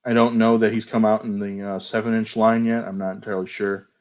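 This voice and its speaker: A man hosting a toy show, casually going over new action figures, chatty and unhurried, often hedging and fumbling for names. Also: fairly low pitch, little pitch movement, highs cut off. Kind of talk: casual toy news review.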